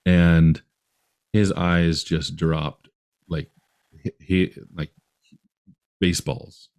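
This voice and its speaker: A man's voice: sits low, little pitch movement, drawn-out words, darkish tone, clean tone. A man from Utah, a podcast guest, telling a long story in a rambling way with many restarts.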